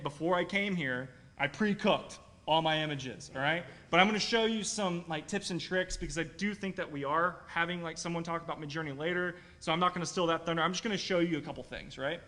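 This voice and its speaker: Guy demoing tools at a meetup, chatty, keeps saying right?, slightly high voice. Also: fairly bright tone. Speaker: presenter at a video editors' meetup. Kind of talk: casual live tech demo. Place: meeting room at a live user-group meet.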